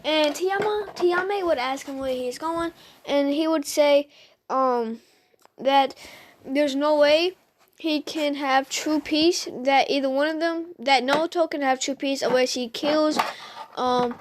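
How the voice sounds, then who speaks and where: A woman's voice: sits high, takes it slowly. A woman casually retelling a fan story to her viewers, hesitant and full of "um"s and restarts, chatting straight at the audience.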